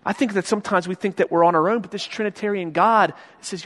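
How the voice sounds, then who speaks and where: A male pastor giving a sermon, telling a story in a conversational way that builds into loud, emphatic stretches. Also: sits high, steady tone, quick pace. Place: large church sanctuary. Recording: long church-hall reverb.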